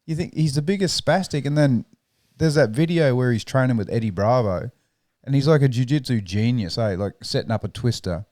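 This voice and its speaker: A man's voice: mid-range voice, a little fast, a little mellow, dry recording, clean studio sound. A man hosting a podcast, chatting casually with crude, profane banter. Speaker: podcast host. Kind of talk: casual chat.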